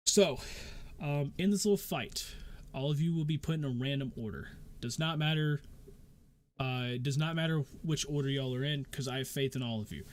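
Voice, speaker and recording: A man's voice: mid-range voice, moderate pace, natural voice. A man voicing a brash male thug who runs street brawls, talking in a casual, pushy way. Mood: businesslike.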